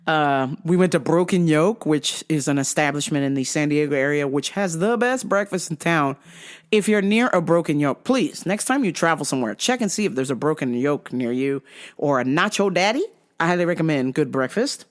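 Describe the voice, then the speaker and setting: A woman's voice: sits low, a little fast. A woman hosting a podcast, telling a casual story monologue full of swearing, with mimicked sounds and quoted outbursts. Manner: profane, animated, mimics sounds. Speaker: podcast host.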